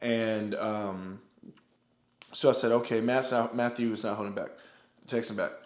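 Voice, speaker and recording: A man's voice: on the low side, fairly even intonation, unhurried. A young man telling a personal story to the camera, rambling with many restarts and "like" and swearing now and then. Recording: roomy echo.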